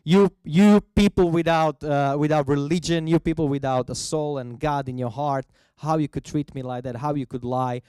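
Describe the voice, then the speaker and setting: A man's voice: fairly high pitch, steady tone, normal speed, few pauses, mellow, smooth, no room sound, close to an everyday voice, low-quality recording. A man voicing an outraged village priest who scolds his flock, raised and indignant.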